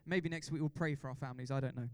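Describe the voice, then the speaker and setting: A man preaching a sermon as pastor, excitable and exhorting the congregation with repeated questions. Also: medium pitch, rapid-fire, clean tone, no echo, studio quality.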